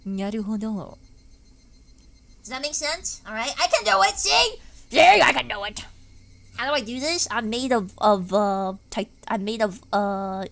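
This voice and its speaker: A young woman streamer chatting casually and wordily, her pitch swooping up and down a lot. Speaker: VTuber streamer. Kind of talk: casual live-stream chat.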